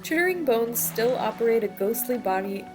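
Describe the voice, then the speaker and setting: A woman's voice: a little high, animated, normal speed, music in the background. A woman streaming a video game, reading the in-game descriptions aloud and then reacting to them with laughs and disgust. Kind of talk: let's play, reading game text aloud.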